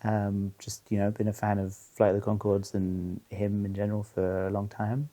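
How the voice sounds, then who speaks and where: Low-voiced comedian in casual chat. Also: male voice, completely flat delivery, moderate pace, mellow. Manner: loose, filler-heavy, agreeable. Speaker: stand-up comedian guest.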